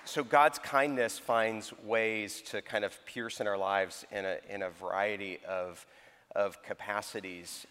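A man leading a church service, encouraging and lively, with some fillers, recorded in a church sanctuary. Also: lowish voice. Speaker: church service leader interviewing students. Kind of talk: live church talk. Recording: echoey hall.

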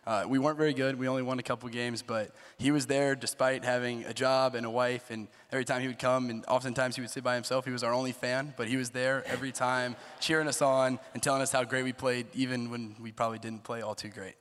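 Teen guy, rapid, flat intonation, smooth resonant voice, reverberant room. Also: medium pitch. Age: late teens. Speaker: high school senior on a panel. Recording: echoey hall.

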